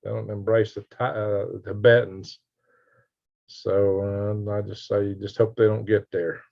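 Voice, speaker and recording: A man's voice: lowish voice, flat delivery, unhurried, creaky. A man hosting a casual live stream, reading viewer comments aloud with a folksy, chuckling manner. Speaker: livestream host reading chat. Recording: dull lo-fi stream audio.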